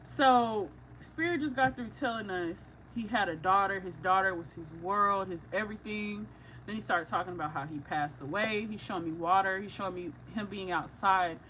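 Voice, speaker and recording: A woman doing a psychic reading for viewers, talking casually and excitably with slang, often breaking into laughter. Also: medium pitch, normal speed, a little hiss or hum, low-quality recording. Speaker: psychic reader.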